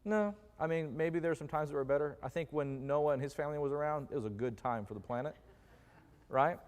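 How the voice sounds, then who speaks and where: A man's voice: a little high, brisk, darkish tone. Man preaching in a reverberant church. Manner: jokey, quizzes the congregation with questions. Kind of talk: conversational sermon. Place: church sanctuary. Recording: long reverb of a church hall.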